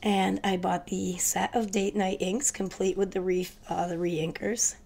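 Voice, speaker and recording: Gravelly, stuffy-voiced woman vlogger. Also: medium pitch, flat delivery, a little mellow. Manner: chatty, hurried, addresses viewers directly. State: stuffy from a cold. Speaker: crafting vlogger. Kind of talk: casual haul video chat.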